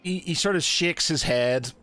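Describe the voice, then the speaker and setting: A man's voice: on the high side, a little slow, sharp tone, no room sound. A man narrating as game master of a tabletop game, hesitant, with lots of fillers and restarts.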